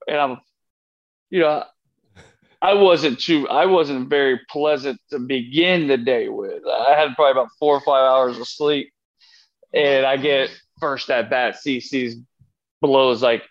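A man's voice: medium pitch, steady tone, moderate pace, highs cut off. A man as an interview guest, telling a long rambling anecdote and acting out the lines he and others said. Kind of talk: casual storytelling interview.

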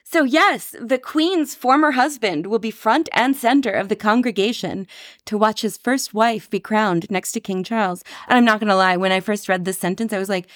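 A woman's voice: medium pitch, moderate pace, fairly bright tone, no echo, clean studio sound. A woman co-hosting a casual podcast chat, reading out quotes with wry, playful commentary. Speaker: podcast co-host. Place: Paris.

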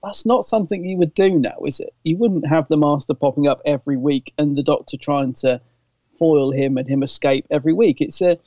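A man's voice: a little high, a little fast, dark tone, no echo, lo-fi sound. A man co-hosting a podcast, chatting casually and enthusiastically, rambling with frequent restarts. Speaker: podcast co-host. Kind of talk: casual fan chat.

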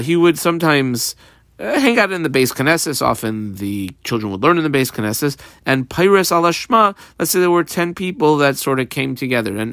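A man's voice: on the high side, fairly bright tone, dry recording, studio quality. A man teaching a Talmud class, reading the text and explaining it step by step with frequent fillers and restarts. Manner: halting, with many fillers and restarts, mixing Hebrew and Aramaic terms.

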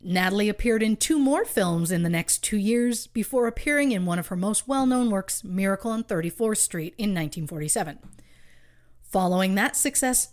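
Lady podcast host reading her research, dry jokes tossed in, mid pitch. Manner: wry, reads research with asides and laughs. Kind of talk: casual true crime storytelling.

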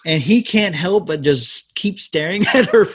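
A man's voice: high voice, lively intonation, unhurried, husky. A man co-hosting a casual movie podcast, eagerly recapping film scenes and laughing along. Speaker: podcast co-host.

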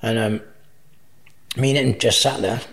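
A man's voice: mid-range voice, fairly even intonation, measured pace, fairly bright tone. A man as an interview guest, telling crude travel anecdotes with frequent laughter. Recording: echoey room.

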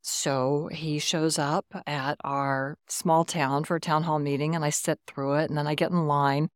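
Low-voiced woman in her sixties telling stories. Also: unhurried, clean tone, dry recording, studio quality. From Texas, USA. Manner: warm, animated anecdotes with quoted dialogue. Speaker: guest, retired Air Force officer. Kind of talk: conversational storytelling.

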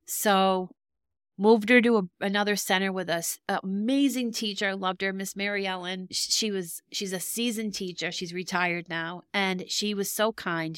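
A woman's voice: mid-range voice, a bit bright, clean tone, no room sound, studio quality. A middle-aged woman hosting a podcast, telling a personal story in a candid, emotional, rambling way. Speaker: podcast host.

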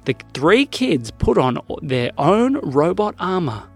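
A man narrating a silly children's story in a playful, lively way, as storyteller host. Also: a little high, slow, vocal fry, breathy edge, soft background music.

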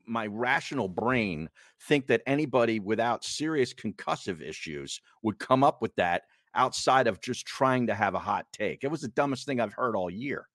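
A man's voice: medium pitch, animated, normal speed, hardly any pauses, a bit bright, dry recording, clean studio sound. A man co-hosting a casual sports podcast, chatty and opinionated. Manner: chatty, opinionated, does mocking voices. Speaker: podcast co-host.

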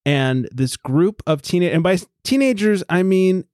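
A man co-hosting a casual podcast, telling stories in an animated way, swearing freely and laughing often. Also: high voice, a little slow, no room sound, studio quality. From United States. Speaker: podcast co-host. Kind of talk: casual chat.

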